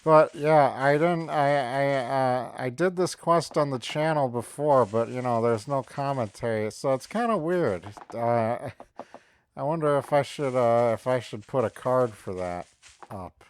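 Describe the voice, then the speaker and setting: Man, game commentary, smooth clear voice, dry close mic, chatty. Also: mid-range voice, measured pace, dry recording. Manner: chatty, hesitant, joking asides.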